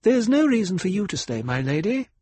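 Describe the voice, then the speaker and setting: A man's voice: high-pitched, very animated, a little fast, darkish tone, slightly rough, pitched above the performer's own voice, full character voice. A man voicing a reasonable, worried male court doctor who speaks soothingly.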